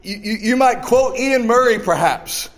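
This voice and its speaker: A man's voice: very high voice, lively intonation, measured pace. A man preaching at a retreat, praying and then delivering a sermon in an earnest, pleading way with emphatic scripture quotes. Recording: long hall reverb.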